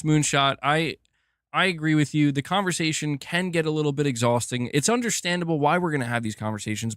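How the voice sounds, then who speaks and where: A man chatting casually on a live stream about gaming news, animated and slangy, laughing often and restarting his sentences. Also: mid-range voice, no echo, clean studio sound.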